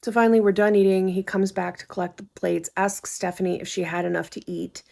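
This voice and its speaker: A woman's voice: mid-range voice, flat delivery, fairly quick, creaky, a little mellow. A woman casually telling a personal story in a wry, conversational way. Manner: wry, conversational, acts out quotes.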